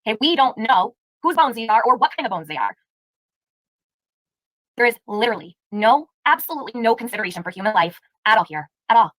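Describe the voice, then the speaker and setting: A woman's voice: fairly high pitch, big pitch swings, quick pace, fairly bright tone, no echo, rough recording. A woman hosting a live stream, giving heated, indignant commentary and firing rhetorical questions at her chat. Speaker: livestream host.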